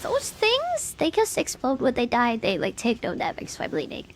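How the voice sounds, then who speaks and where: High, lively woman streaming a game. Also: moderate pace, soft background music. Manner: chatty, filler-heavy, talks to chat. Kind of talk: casual gaming commentary.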